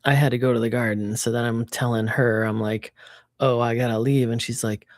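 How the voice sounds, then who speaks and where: A woman livestreaming a casual chat, telling an animated story full of swearing. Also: a bass voice, brisk, no room sound, clean studio sound. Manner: animated storytelling, swears freely, acts out quotes.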